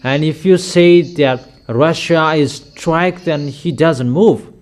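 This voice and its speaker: A man preaching in a slightly raised voice, laying down each statement slowly and firmly. He repeats key lines for emphasis and keeps a deliberate, measured pace throughout his sermon. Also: on the high side. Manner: slow, emphatic declarations with frequent repetition.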